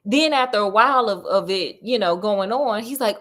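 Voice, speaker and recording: A woman's voice: a little high, normal speed, a bit bright. A woman storyteller casually retelling a detective story in chatty slang, acting out the characters' lines as she goes.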